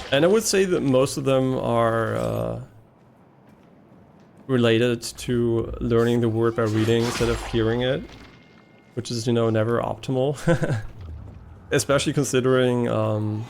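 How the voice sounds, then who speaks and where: Male streamer with a German accent, easygoing and halting, with a gravelly texture. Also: medium pitch, a little hiss or hum. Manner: musing, hesitant, many ums and restarts. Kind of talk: casual live-stream chat while gaming.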